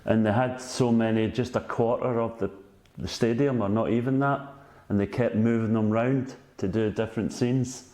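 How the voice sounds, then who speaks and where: A man's voice: lowish voice, warm tone, echoey room. A Scottish man in his sixties, a former footballer, telling rambling stories as a guest and often asking "you know what I mean?". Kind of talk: casual anecdote telling.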